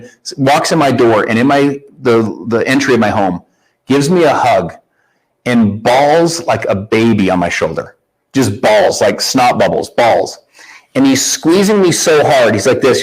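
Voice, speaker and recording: A man's voice: mid-range voice, breathy edge, rough recording. A man speaking at a workshop, telling a friend's emotional story with a lot of restarts and repeated words.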